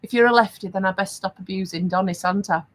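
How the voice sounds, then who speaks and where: This older woman talks fast in a mid-range voice, heard through a low-quality recording. Hosting a casual craft-supply live stream, she chats away and laughs a lot as she reads out comments from viewers.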